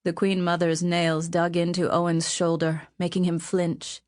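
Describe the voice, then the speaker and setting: Female audiobook narrator, measured, unhurried pace, dry studio read. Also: on the low side, completely flat delivery, darkish tone, no room sound.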